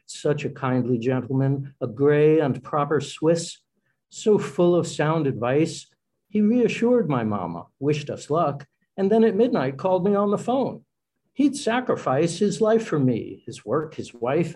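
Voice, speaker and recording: A man reads as a coy young woman who confides a youthful scandal in sonnet form. The voice sits a touch high and moves with a wry, confiding lilt through the rhymed lines. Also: warm tone, husky, exaggerated voice. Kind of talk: reading a sonnet aloud.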